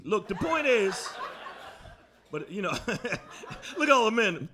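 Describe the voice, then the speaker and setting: A man's voice: sits high, big pitch swings, slow, pauses often, sharp tone. A man doing a brash, profane stand-up comedy set on a comedy club stage, speaking into a handheld mic.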